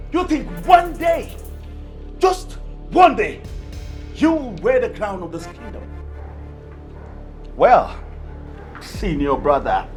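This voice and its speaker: Hot-headed Nigerian prince, sneering and accusing, pitch swings widely, film music under. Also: male voice. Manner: accusing, sneering, shouts at times. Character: hot-headed young prince, resentful of his elder brother. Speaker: actor.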